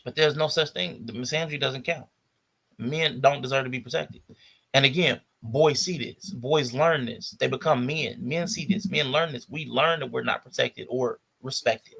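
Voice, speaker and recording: A man's voice: medium pitch, normal speed, creaky, fairly bright tone, slightly rough. A man hosting a podcast, giving blunt, disdainful commentary on video clips and repeating his points for emphasis. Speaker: podcast host.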